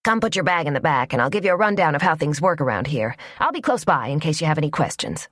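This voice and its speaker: Woman doing a brisk, teasing diner boss. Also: low-pitched, sing-song, fairly bright tone, dry recording, clean studio sound, heavily acted. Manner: brisk, playful. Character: friendly small-town diner owner woman, teasing and brisk.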